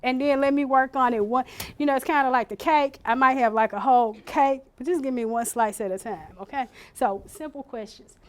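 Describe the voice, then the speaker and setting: A woman leading an informal care-training workshop, chatty and animated, acting out little scenes with sudden loud bursts. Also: high-pitched, brisk, clear, resonant tone.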